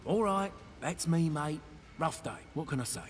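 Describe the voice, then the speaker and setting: An actor playing a gruff Aussie mech tech. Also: male voice, a little high, expressive, normal speed, faint music behind, lightly acted. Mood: grumbling. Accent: Australian. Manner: grumbling, slangy, informal. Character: gruff male mech technician, grumbling but loyal. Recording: game audio with long reverb.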